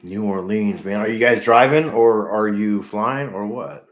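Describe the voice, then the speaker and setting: A middle-aged man with a very low voice talks to his livestream viewers in an earnest, halting way, often trailing off and repeating himself. The room around him is echoey. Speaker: livestream host in recovery. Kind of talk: casual livestream chat with viewers.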